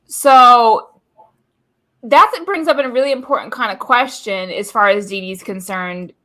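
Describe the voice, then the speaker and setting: A woman hosts a casual chat, blunt-spoken and quick to swear. Her voice sits a little high and sounds bright. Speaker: host.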